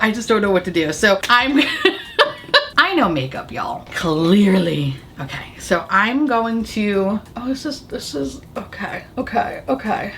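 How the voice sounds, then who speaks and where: A woman chatting through a casual makeup try-on, swearing freely and laughing often, her voice a bit rough from allergies. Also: fairly high pitch, a bit bright, a little hiss or hum. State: allergies affecting the voice. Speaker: beauty vlogger.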